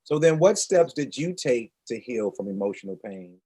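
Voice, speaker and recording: A man hosting an interview, animated and chatty, often restarting his questions. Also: mid-range voice, normal speed, slightly rough. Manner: animated, restarts and repeats himself. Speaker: interview host. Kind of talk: conversational interview.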